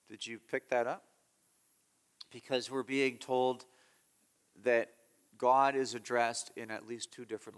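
A male pastor preaching a sermon, explaining calmly and then pressing points with loud emphasis. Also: clear, resonant tone, in a large hall. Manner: teaching tone, swings from low explaining to loud emphatic scolding.

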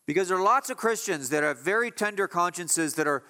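A man preaching a sermon as pastor, emphatic, moving between hushed passages and raised declarations. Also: high voice, lively intonation, a little fast. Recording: long hall reverb.

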